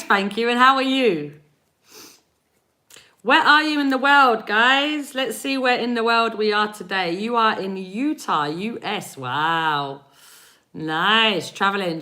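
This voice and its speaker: Her pitch is medium, and her delivery sounds pushed and bright. She's an English-accented woman in her forties from England, doing live energy readings on a stream where she chats with viewers and laughs frequently.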